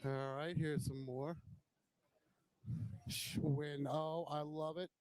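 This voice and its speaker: A man's voice: a little high, fairly even intonation, extremely slow, a little mellow, no room sound, poor audio. A man hosting a casual walkaround of a bike show, chatting admiringly and joking, recorded on a handheld camera as he walks. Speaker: host.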